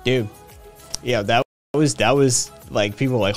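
A man's voice: mid-range voice, normal speed, darkish tone, soft background music. A man with a northeast Tennessee accent chatting loosely and profanely on a livestream while reacting to a video. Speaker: streamer. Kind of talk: casual stream chat reacting to video.

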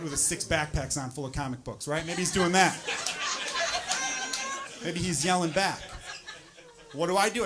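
Profane ranting stand-up comedian. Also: male voice, high voice. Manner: straight-shooting, profane, building to loud ranting.

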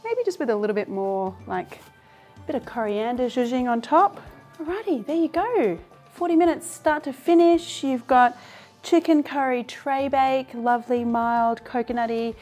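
A woman's voice: high-pitched, normal speed, darkish tone, soft background music. A woman in her thirties hosting a cooking show from her home kitchen. She talks casually and enthusiastically through the recipe and laughs often.

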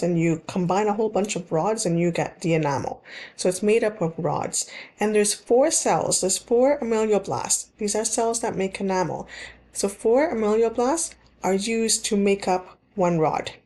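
Woman, dental hygiene instructor, slide lecture, warm mellow tone, patient repetition, restarts. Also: medium pitch, normal speed. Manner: explanatory, repeats key points, frequent ums and restarts.

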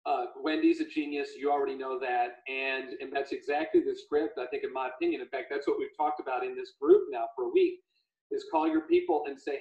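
An animated man hosting a casual call, his fairly high voice gravelly and swinging widely in pitch. He retells stories with quoted voices, heard in an echoey room over dull, lo-fi audio. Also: a little fast. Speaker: livestream host. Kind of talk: casual video call chat.

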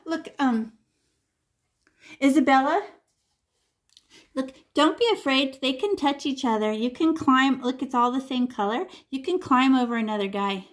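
A woman art teacher with a slightly high voice leads a live painting class over a video call. She chats as she paints, chanting repeated words.

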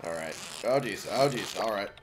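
A man muttering casual commentary to himself while playing a game, now and then breaking into sudden excited yelps. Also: fairly low pitch, normal speed. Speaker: let's play gamer. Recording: noisy home recording.

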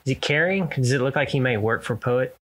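A man's voice: medium pitch, brisk, a bit bright. A man playing a tabletop game, asking short questions and stating his character's actions. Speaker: player. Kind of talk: casual tabletop play.

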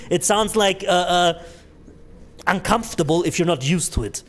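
A young man streaming a horror game breaks off into a rambling, profanity-laced story. He piles on fillers and restarts and laughs at his own telling. His voice sits a little high for a man. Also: a little slow. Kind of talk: casual gaming stream storytelling.

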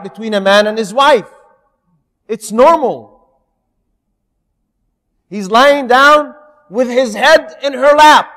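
A man with a very high voice teaches a Quran lesson at an unhurried pace. He tells each story in a measured way and turns to speak directly to his listeners. His voice carries a long reverb, as if he is recorded in a large hall. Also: a bit bright. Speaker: Islamic teacher.

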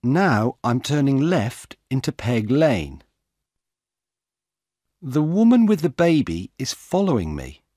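A man voicing a steady young policewoman. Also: medium pitch, takes it slowly, no room sound, clean studio sound, voice pushed up. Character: female undercover police officer, young, calm.

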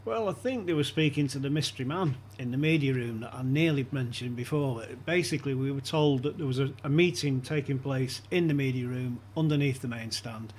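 A man's voice: medium pitch, a little fast, few pauses, a little hiss or hum. A man telling a casual anecdote on a podcast, acting out quoted lines as he goes. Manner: animated anecdotes with quoted voices and laughter. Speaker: podcast guest. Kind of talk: casual storytelling chat.

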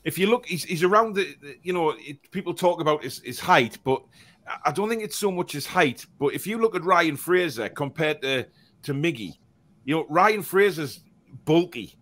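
Bright-voiced fan show host. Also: male voice, fairly high pitch, lively intonation, normal speed. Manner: chatty, laughing, with many fillers and restarts. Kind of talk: casual live chat, reading viewer comments.

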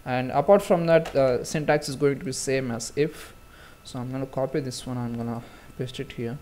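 A man's voice: medium pitch, steady tone, normal speed, darkish tone, a little hiss or hum. A man giving a casual screen-recorded coding tutorial, talking through each step with frequent fillers and restarts. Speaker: programming tutor.

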